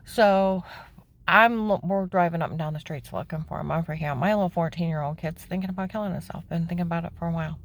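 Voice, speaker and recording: Indignant woman telling her story, lowish voice. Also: quick pace. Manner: emphatic and indignant, voice climbing high when upset; plain-spoken, with frequent "okay?" asides. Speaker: storyteller recounting her own life. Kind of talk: personal testimony, candid storytelling.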